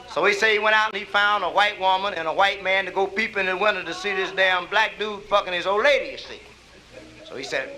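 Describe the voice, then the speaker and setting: A man's voice: sits high, fairly quick, pushed and bright, low-quality recording. A middle-aged man, telling raunchy stand-up stories in a nightclub and acting out the characters with whoops and laughs. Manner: drawling storyteller, acts out characters with whoops and laughs. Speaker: stand-up comedian. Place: nightclub stage. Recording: live club album recording.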